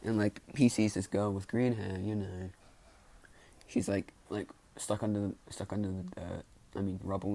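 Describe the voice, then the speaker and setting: Low gravelly young man rambling through a story. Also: fairly even intonation, moderate pace, mellow. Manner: rambling, many "like" fillers and restarts. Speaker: fan storyteller. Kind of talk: casual improvised storytelling.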